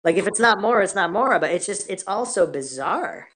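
A woman's voice: medium pitch, lively intonation, brisk, fairly bright tone, breathy edge. A woman hosting a casual true-crime podcast, reading out reports and questioning them skeptically. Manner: questioning, skeptical, reads out articles and posts. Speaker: podcast host.

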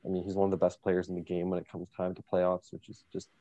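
Man co-host, very low, mellow, even, measured. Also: dry recording, highs cut off. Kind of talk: casual sports chat.

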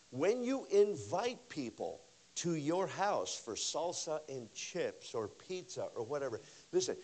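High, lively-voiced male preacher. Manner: animated preaching, swinging from loud bursts to hushed lines; conversational, with many repeats and "you know". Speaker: pastor. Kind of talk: revival sermon. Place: church service.

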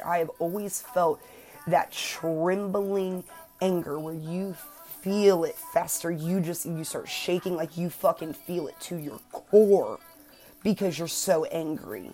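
A woman's voice: on the low side, warm tone. A woman in her twenties hosting a personal self-help podcast, talking earnestly and emphatically and swearing freely. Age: 20s. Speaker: podcast host.

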